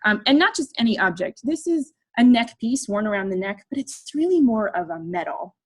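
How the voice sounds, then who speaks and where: Telling an audience a personal story, this middle-aged artist keeps her humorous talk lively and self-mocking, acting out each character. She speaks at an ordinary speed with a medium-pitched voice.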